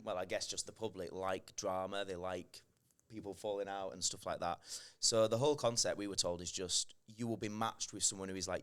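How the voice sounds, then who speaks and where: A man, a podcast guest telling animated stories and acting out quotes. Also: fairly low pitch, clean tone. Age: 30s. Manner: animated storytelling, acts out quoted lines. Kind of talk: casual chat.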